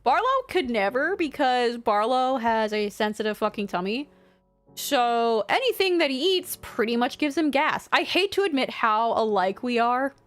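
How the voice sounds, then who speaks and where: A woman's voice: fairly high pitch, moderate pace, soft background music. Chatty, swearing young woman vlogger. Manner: chatty, swears often, animated storytelling. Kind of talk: casual chat. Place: home, at a desk.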